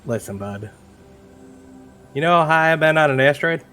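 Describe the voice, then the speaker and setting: A man doing a spacey, mellow mushroom-eater. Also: on the high side, lively intonation, moderate pace, clear, resonant tone, soft background music. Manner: dreamy, easygoing. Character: laid-back, spacey male mushroom-loving adventurer.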